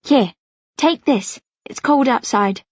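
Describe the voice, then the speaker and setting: A woman voicing a busy, anxious mother in an audiobook, talking in a hurried, high, flustered way. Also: dry recording, highs cut off. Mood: warm. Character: anxious busy British mother planning wedding.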